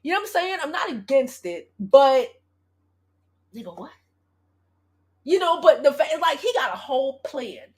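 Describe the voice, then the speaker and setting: A woman, telling a story on her live stream in a casual, animated, profane way and talking straight to her viewers. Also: high-pitched, measured pace, long pauses. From Brooklyn, New York. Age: 40s. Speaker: gossip vlogger and love coach.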